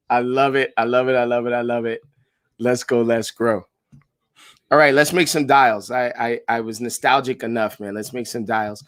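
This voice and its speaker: A man with a mid-range voice runs a live coaching stream as a sales director. He talks in a hyped, slangy way and keeps shouting out viewers by name. His voice jumps up high whenever he gets excited, and it is picked up on a computer mic. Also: unhurried, dry recording, studio quality. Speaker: sales director leading a live call session.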